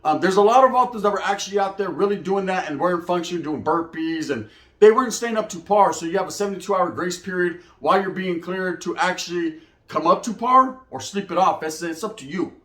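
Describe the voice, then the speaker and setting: A man telling prison stories in casual slang, animated, often acting out quoted voices. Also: high voice, a little fast. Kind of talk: casual storytelling monologue. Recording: echoey room.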